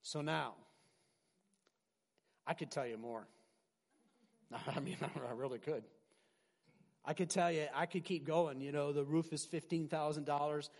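A middle-aged man preaching a sermon as pastor, animated, swinging from loud emphasis to quiet asides and often restarting his words. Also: on the high side, measured pace, pauses often. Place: large hall with a congregation. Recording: long hall reverb.

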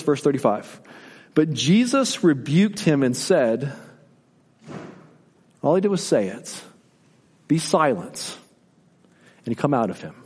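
Preaching in a large hall, a male pastor poses rhetorical questions and swings from quiet, low stretches into building emphasis.

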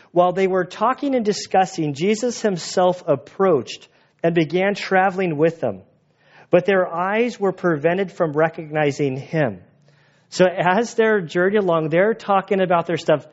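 High-voiced man preaching playfully. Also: measured pace, dull audio. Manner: casual, playful retelling with acted-out dialogue. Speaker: pastor. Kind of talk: sermon.

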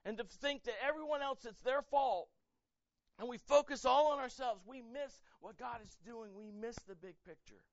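Male pastor, high-pitched, dry and slightly dull sound, lively sermon delivery. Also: normal speed, dry recording. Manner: animated, acts out quoted voices, rises to loud emphatic peaks.

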